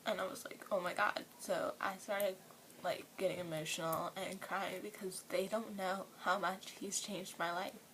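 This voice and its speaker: A young woman from New Orleans talks to her camera at home in a soft, whispery way, gushing and earnest, with a lilt. Her voice carries a gravelly fry at mid pitch. A faint hiss sits under the recording. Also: steady tone, normal speed, rough recording. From New Orleans, USA. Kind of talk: emotional personal vlog.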